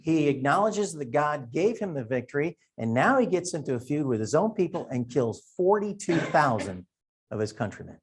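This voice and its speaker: A husky, fairly high, sing-song voice at normal speed belongs to a middle-aged Wisconsin man leading a Sunday school Bible lesson. He talks in a folksy, conversational way, thinking out loud.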